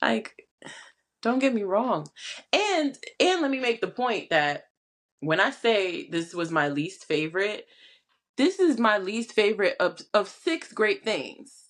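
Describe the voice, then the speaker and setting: A woman's voice: mid-range voice, lively intonation, slow. A woman co-hosting a podcast in casual chat, hedging her opinions with frequent restarts and fillers. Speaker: podcast co-host.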